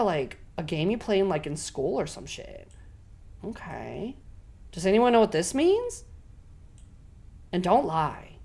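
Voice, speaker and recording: A young woman streaming a video game, swearing constantly and swinging between loud shrieks and quiet mumbling as she plays. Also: deep voice. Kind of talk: casual game commentary.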